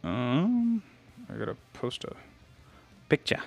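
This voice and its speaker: Young guy rambling on a live stream, talks to chat, thinks out loud, bit of metal music playing low behind him. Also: lively intonation, unhurried. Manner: chatty and rambling, greets viewers, thinks aloud. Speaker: livestreamer. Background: faint metal music.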